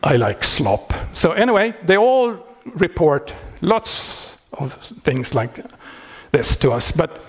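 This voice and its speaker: A man who maintains a software project, talking casually and wryly, laughing often and restarting his sentences. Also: on the high side, slow, husky. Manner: wry and animated, laughing often, many restarts. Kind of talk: casual explanatory talk.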